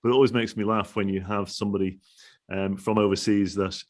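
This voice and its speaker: Guy hosting a podcast, slightly low voice, rambly and laughs a lot. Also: level tone, brisk. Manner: rambling, many restarts, laughs often. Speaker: podcast host. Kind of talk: casual interview talk.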